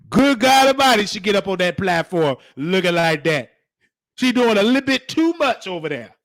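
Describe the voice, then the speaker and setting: A man's voice: sits high, expressive, a little slow, pauses often, fairly bright tone. A man hosting a casual reaction commentary, teasing and preachy, stretching out words like "honey". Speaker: show host.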